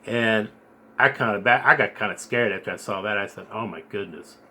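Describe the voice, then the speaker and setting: A man earnestly recounting a dream and preaching in a rambling, halting way, repeating his words. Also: lowish voice, sharp tone. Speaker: video blogger recounting a dream. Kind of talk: earnest spoken storytelling and preaching.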